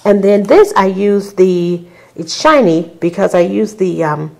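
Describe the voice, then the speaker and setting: A woman's voice: mid-range voice, unhurried, gravelly, a little mellow, rough recording. A woman casually walking viewers through a handmade scrapbook album, chatty and full of ums and little asides to the audience. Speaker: crafter showing a handmade album. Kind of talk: casual show-and-tell tutorial.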